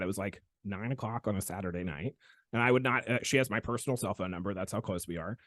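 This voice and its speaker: A man, a chiropractor hosting a podcast, telling stories in an animated, theatrical way. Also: no echo, studio quality. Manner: animated, theatrical storyteller with big pitch swings. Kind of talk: casual podcast chat, storytelling.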